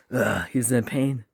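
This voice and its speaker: A man's voice: medium pitch, a little mellow, no echo, studio quality. A man casually telling a spooky, funny story in a laid-back, chatty way, acting out the voices as he goes.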